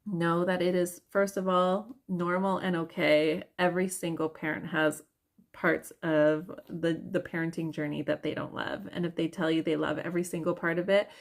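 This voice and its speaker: A woman's voice: fairly low pitch, level tone, moderate pace. A young woman and mother chatting candidly in a vlog, laughing often and using lots of fillers. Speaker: yoga vlogger and mother. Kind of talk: casual confessional vlog talk.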